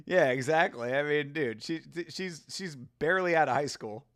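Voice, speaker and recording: A man chatting casually as he reacts live to a grappling event, excitable and laughing often as he talks to his viewers. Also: fairly high pitch, no echo, clean studio sound.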